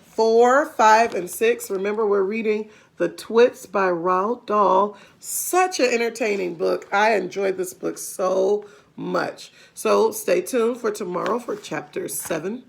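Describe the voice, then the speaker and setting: A woman reading a children's storybook aloud with expressive delivery and her own asides. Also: medium pitch, slow pace, creaky. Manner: expressive, adds gasps and asides.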